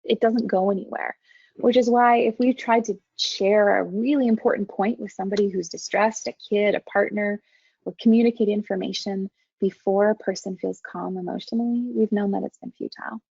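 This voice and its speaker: A woman teaching an online training webinar as a counseling faculty member, speaking in a calm, measured, gentle way. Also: medium pitch, creaky, slightly rough, no room sound, highs cut off.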